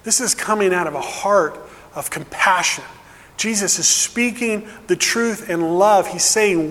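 A male pastor preaching a sermon earnestly, dropping to a hush and then building with emphasis. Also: high-pitched, a little slow, big-room sound.

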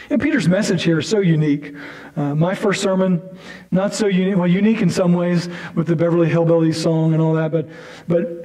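Man preaching a sermon, conversational, fairly high voice, mellow dark tone. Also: low-quality recording. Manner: conversational preaching with asides and restarts. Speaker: pastor.

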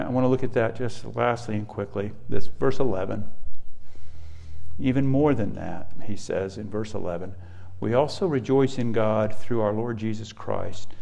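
A male pastor preaching a sermon earnestly, often repeating words as he thinks, and rising high and loud to stress a point. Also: creaky. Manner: repeats words while thinking, with soft asides.

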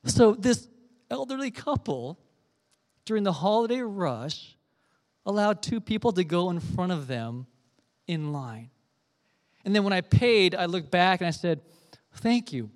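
Guy preaching a sermon, gentle storyteller, kinda high voice, echoey church hall. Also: big pitch swings, unhurried, pauses often. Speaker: pastor.

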